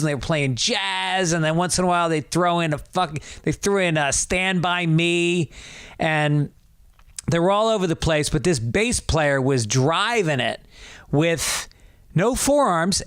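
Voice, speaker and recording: Slow, smooth-voiced man telling a rambling story. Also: on the high side, no room sound, clean studio sound. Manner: rambling, profane, animated anecdote telling. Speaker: podcast host. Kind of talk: casual storytelling monologue.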